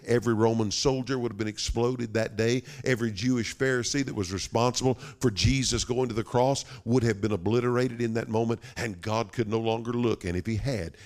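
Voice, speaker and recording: A man preaching a sermon as pastor, dramatic, slowing down for emphasis and dropping to a whisper. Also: on the low side, darkish tone. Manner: dramatic, with sudden drops to a whisper and slowed emphasis.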